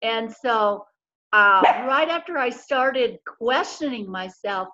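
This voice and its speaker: A woman's voice: on the high side, lively intonation, takes it slowly. A woman in a casual spiritual chat, telling a personal story in an earnest, rambling way. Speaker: co-host. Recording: dull lo-fi audio with faint noise.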